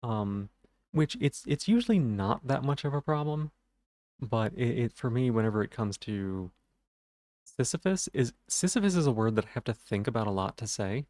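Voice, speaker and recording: Male game streamer, stutters on some words, rambling and self-deprecating, middle-pitched voice. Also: big pitch swings, moderate pace, a little mellow, dry recording, studio quality. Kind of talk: casual live-stream chat.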